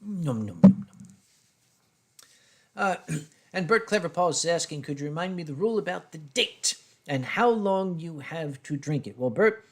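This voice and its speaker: A man hosting a casual live stream, reading viewer questions aloud and answering with dry, clipped remarks. His voice sits a little high for a man. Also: lively intonation, moderate pace, a little hiss or hum. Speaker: host. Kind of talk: casual chat on a drinking stream.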